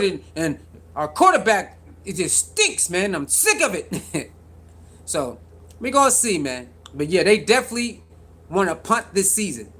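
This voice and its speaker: A man's voice: high-pitched, very animated, a little slow, a bit bright, slightly rough. A man hosting casual sports reaction commentary, talking in slang, repeating himself and calling out to his viewers. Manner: slangy, repetitive, calls out to viewers.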